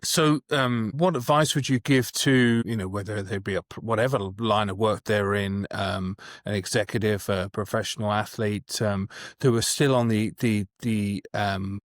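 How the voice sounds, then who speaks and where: Low-voiced hesitant man hosting. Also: steady tone, moderate pace, no echo, studio quality. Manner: hesitant, many fillers. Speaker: podcast host. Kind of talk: interview question.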